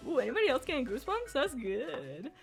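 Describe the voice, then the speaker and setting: Brief: animated woman reading fanfic, jokey asides, faint music underneath. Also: sits high, fast talker, vocal fry. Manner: animated, giggly, joking asides.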